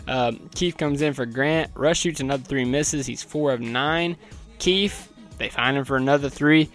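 A man talks through a basketball game recap from his notes, chatty and wry, with a voice that is not deep. His pitch sits in the middle for a man, and faint music plays in the background. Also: moderate pace, a bit bright.

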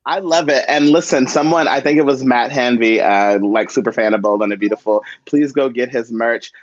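A man of middle pitch talks through a slightly muffled, dry microphone. He chats casually and with emphasis, piling one point onto the next in quick bursts. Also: dry recording. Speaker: podcast co-host. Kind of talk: casual chat about soap operas.

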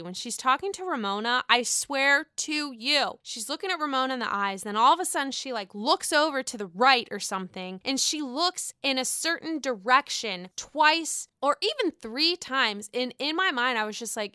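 A woman casually recapping a reality show, swearing freely and animated as she gives opinions. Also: moderate pace, smooth, dry recording, clean studio sound. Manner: swears freely, animated, mimics the cast in shrill voices.

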